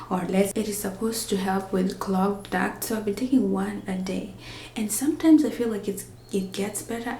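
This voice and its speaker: A woman's voice: medium pitch, mellow, reverberant, slight background noise. Chatty woman, half whispering. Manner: often whispering to avoid waking a napping baby; rambling, chatty, with many fillers. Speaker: vlogger. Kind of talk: casual vlog.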